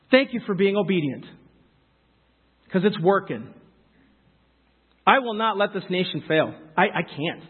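Young guy speaking to a crowd, high-ish voice, sounds like it's over a phone line. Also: moderate pace, long pauses, husky. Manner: chatty, storytelling, earnest and emphatic. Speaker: speaker addressing a youth audience. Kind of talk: informal speech to a live audience.

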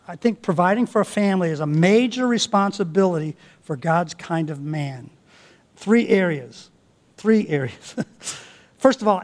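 A man preaching a sermon as pastor, earnest and exhorting, asking his listeners rhetorical questions. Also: high-pitched.

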